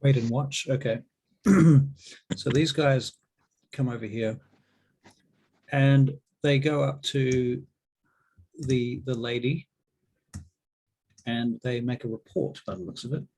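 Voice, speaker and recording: A man narrating as dungeon master, relaxed and often pausing with ums. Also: medium pitch, husky. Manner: relaxed, hesitant with many ums. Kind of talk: narrating a tabletop game.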